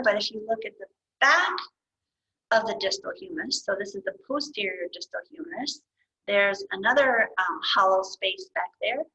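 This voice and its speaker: Bright woman teaching anatomy, lo-fi. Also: mid-range voice. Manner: patient, thinking aloud, corrects herself. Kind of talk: explaining anatomy while drawing. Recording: dull lo-fi recording.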